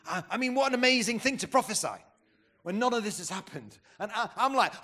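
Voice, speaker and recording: Brief: fifties man, a bit high-voiced, fired-up conference preacher who throws questions at the crowd. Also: animated, brisk, pushed and bright. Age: 50s. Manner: rousing, asks the crowd questions, stumbles and restarts. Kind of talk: conference sermon.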